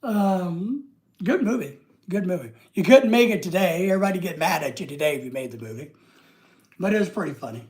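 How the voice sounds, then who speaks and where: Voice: mid-range voice, animated, brisk, a little mellow. A live-stream host chatting casually with viewers, rambling and trailing off at the ends of thoughts.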